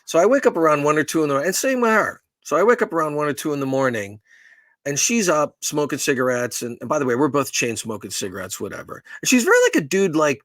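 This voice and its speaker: A slightly high, sing-song male voice, fast and a bit bright, recorded with no room sound. He's a middle-aged podcast co-host telling a rambling, profane, self-deprecating story in casual conversation.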